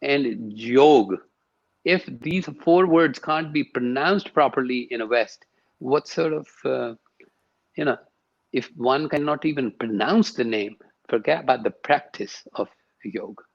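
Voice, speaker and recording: A man's voice: mid-range voice, measured pace, creaky, muffled recording. A man, a yoga and sound teacher, speaking emphatically as a guest in an interview and repeating words to stress his points. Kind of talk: interview conversation.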